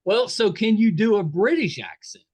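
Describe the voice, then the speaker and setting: A woman's voice: medium pitch, lively intonation, normal speed, darkish tone, husky. A woman with a Southern American accent hosting a podcast interview, asking curious follow-up questions. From Southern United States. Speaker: podcast host. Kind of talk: casual interview.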